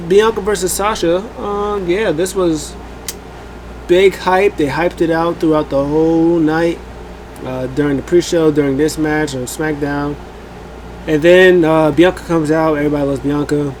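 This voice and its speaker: The recording is rough, with a little hiss or hum, and the man's voice is a little high at a measured pace. As host of a review show, he loosely recaps a wrestling event, rambling animatedly, full of fillers and acted-out quotes.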